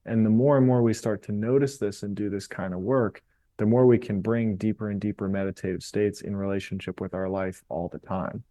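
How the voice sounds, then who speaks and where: Man, podcast guest, calm explanatory interview talk, low voice, dry close sound. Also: a little fast, dry recording. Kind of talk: reflective interview talk on meditation.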